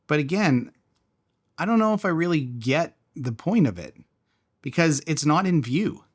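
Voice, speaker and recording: A man casually reviewing and taking apart a small fidget toy, thinking aloud as he tinkers. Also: fairly high pitch. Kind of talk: casual product teardown.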